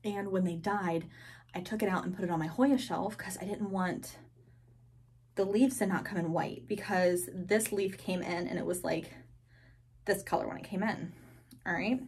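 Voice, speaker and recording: A woman giving a casual, chatty tour of her houseplants, gushing and excited, full of filler words. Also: on the low side, moderate pace, breathy edge. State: a bit out of breath. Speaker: plant vlogger. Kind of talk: casual plant tour vlog. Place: indoors at a grow tent.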